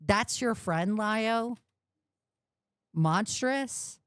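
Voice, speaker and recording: A woman's voice: on the low side, expressive, unhurried, no echo, clean studio sound. A woman streamer giving blunt, mocking commentary on a call during a livestream.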